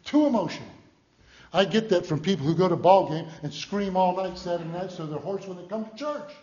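A man preaching a sermon with emotion, swinging from hushed asides to loud shouts. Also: high-pitched, brisk. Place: church. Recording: echoey church room, dull lo-fi sound.

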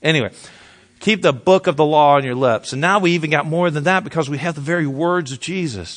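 A pastor with a slightly high voice and brisk pace preaches conversationally, repeating phrases and speaking right to his listeners. He quietly mutters scripture as he goes.

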